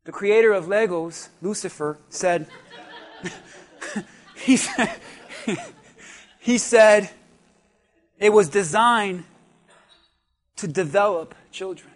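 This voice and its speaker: Male pastor, very high voice, slow and deliberate, preaching to his church with repeated lines that swell into shouts. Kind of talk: sermon.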